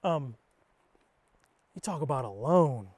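A man's voice: medium pitch, lively intonation, slow, a little mellow, dry recording. A man preaching a sermon, reading scripture aloud and then exhorting his listeners with emphatic repetition.

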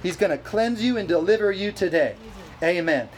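High-voiced animated male preacher. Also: normal speed, a little hiss or hum, low-quality recording. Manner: animated, exclamatory, laughs often. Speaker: pastor. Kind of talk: sermon. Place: church service.

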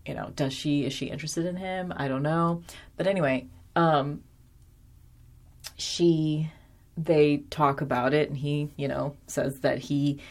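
A woman's voice: low voice, fairly even intonation, unhurried, a little mellow. A woman recapping a TV episode in a chatty, casual way, full of ums and wry asides. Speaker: episode reviewer.

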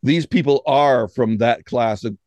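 A podcast co-host from Washington State talks in a medium-pitched, slightly mellow voice, a little slow, with no room sound. In a casual political chat, he lectures in a musing way and often opens with "I mean."

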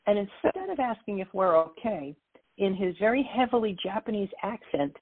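A woman guest telling a lively story about her life in an interview, acting out the voices of others as she goes. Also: mid-range voice, normal speed, husky. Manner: animated storyteller, quotes voices. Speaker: author and guest. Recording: tinny phone line.

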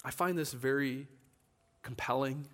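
A man's voice: medium pitch, a little slow. A man preaching a sermon in a church, telling a story with animation and acting out the voices of the people in it. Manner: animated, acts out quoted voices.

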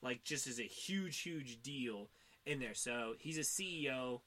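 A man's voice: mid-range voice, measured pace, pushed and bright. Rambling profane male podcast host. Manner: rambling, profane, lots of fillers. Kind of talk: casual chat.

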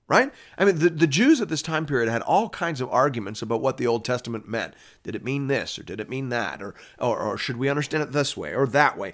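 A man's voice: expressive, a little fast, hardly any pauses, a bit bright. Man teaching the Bible conversationally. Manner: conversational, often asks "right?" and restarts mid-phrase; rises sharply in pitch and volume when pressing a point. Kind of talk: radio Bible teaching, reading scripture and explaining it.

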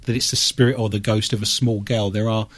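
A man with an East London Cockney accent speaks in a low, husky voice. He co-hosts casual radio talk and tells his stories in a measured way, full of asides. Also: steady tone, a bit bright. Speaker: paranormal investigator co-host.

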